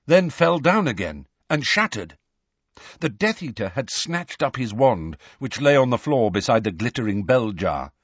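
Expressive, husky male audiobook narrator. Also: mid-range voice, dry recording. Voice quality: expressive, dramatic reading. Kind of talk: scripted narration. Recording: dry, slightly muffled audio.

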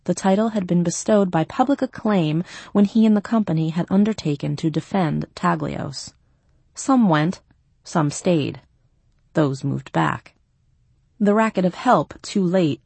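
A woman reading a fantasy story in steady scripted narration, close to the mic. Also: on the low side, husky, no room sound. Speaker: audiobook narrator.

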